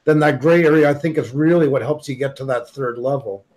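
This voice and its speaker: A man chatting as a guest on a live stream over a video call, enthusiastic and quick when he gets going. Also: mid-range voice, poor audio. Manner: enthusiastic, talks fast when excited. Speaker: guest creator. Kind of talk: casual live stream chat.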